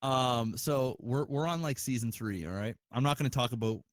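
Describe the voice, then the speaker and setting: Swearing podcast dude rambling on, dry close sound. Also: male voice, mid-range voice, moderate pace, dry recording. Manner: profane, rambling storyteller. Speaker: podcast co-host. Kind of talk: casual chat.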